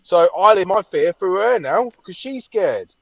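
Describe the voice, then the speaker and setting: A man co-hosting a podcast, telling a story in an animated way and swearing freely. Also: high voice, measured pace, creaky, no room sound, highs cut off. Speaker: podcast co-host. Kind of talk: casual chat.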